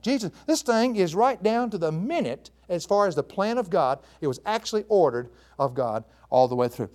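A man giving a verse-by-verse Bible teaching, emphatic and animated, with chuckling asides. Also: sits high.

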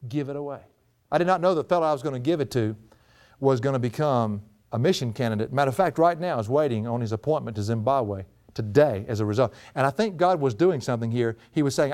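A man's voice: a little high, animated, fast. A middle-aged man with a drawl preaching a folksy storytelling sermon, often breaking into laughter.

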